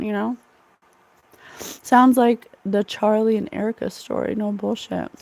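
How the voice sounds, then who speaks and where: A woman's voice: mid-range voice, fairly even intonation, unhurried, gravelly, pauses often, dark tone, no echo. A woman giving a casual, rambling psychic tarot reading, full of fillers and asides. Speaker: psychic reader.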